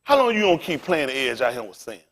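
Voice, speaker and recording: A middle-aged man, a pastor, preaching through a street story with animated, laughing bursts and loud exclaims. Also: mid-range voice, quick pace.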